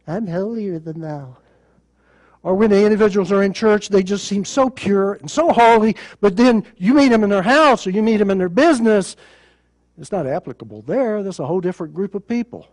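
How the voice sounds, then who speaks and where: A man's voice: sits high, animated, a little fast, darkish tone. A male pastor preaching a sermon in a plain conversational way, with sarcasm and rhetorical questions.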